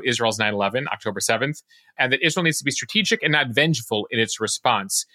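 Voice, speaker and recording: A man co-hosting a conversational news podcast, talking in a relaxed, chatty way with frequent "uh" fillers. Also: fairly low pitch, no room sound, studio quality.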